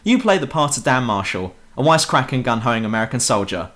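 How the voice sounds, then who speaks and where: A man's voice: mid-range voice, sing-song, fast, fairly bright tone. A young British man giving a sarcastic, swear-laden game review voice-over on a home mic. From Britain. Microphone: home computer mic.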